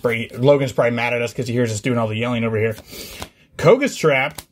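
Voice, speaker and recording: A man's voice: mid-range voice, fast talker. Hyped man hosting a card-opening vlog. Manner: hyped, chatty, rattles off card names. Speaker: card-opening channel host. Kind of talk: excited casual pack-opening vlog.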